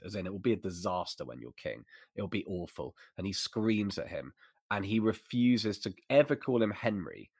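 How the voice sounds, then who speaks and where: A man's voice: lowish voice, very animated, moderate pace, husky, dry recording, clean studio sound. A man co-hosting a casual discussion, talking eagerly in bursts with frequent restarts. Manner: enthusiastic, talks in bursts with restarts. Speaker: podcast co-host.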